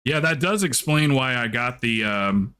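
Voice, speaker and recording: A man's voice: mid-range voice, animated, measured pace, bright, forceful tone, clear, resonant tone. A man from the South, chatting casually and telling rambling stories during a game stream. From Southern United States. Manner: rambling storyteller, lots of "like" and restarts. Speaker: streamer and group leader. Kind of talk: casual chat during gameplay.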